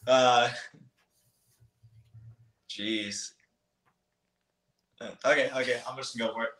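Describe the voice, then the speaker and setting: Speaking as a guest on a podcast, a young motocross racer in his twenties keeps his medium-pitched voice fairly even and fairly bright, moving at a slow pace. He hesitates often, restarting and saying um throughout this casual chat, recorded with roomy echo.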